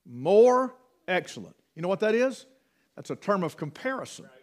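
A middle-aged man preaches in a folksy, homespun way. His voice sits fairly high for a man. He drops into rural dialect as he spins stories. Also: big pitch swings, moderate pace, a little mellow. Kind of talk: sermon.

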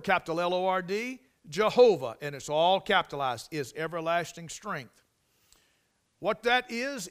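A man with a voice that sits high preaches in a conversational style. He repeats and restarts phrases, swelling loudly on the key lines.

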